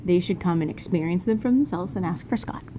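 A woman's voice: on the low side, brisk, warm tone, a little hiss or hum. A woman co-hosting a podcast, joking and bantering playfully in casual chat, recorded on a phone in a mall restaurant. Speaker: podcast co-host. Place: large booth in a busy mall restaurant.

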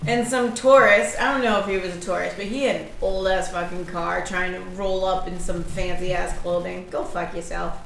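A woman's voice: on the low side, fairly even intonation, moderate pace, creaky, hardly any pauses, fairly bright tone. A woman co-hosting a podcast, chatting casually over wine in a brash, teasing way and swearing freely. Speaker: podcast co-host. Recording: roomy echo with faint noise.

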